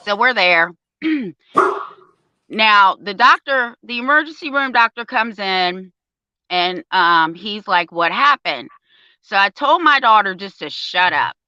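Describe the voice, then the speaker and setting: A woman's voice: medium pitch, takes it slowly, long pauses, clean tone, no room sound, dull audio. An older woman, a parent advocate, telling a story in casual talk and acting out the quoted voices. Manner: animated storyteller, acts out quotes.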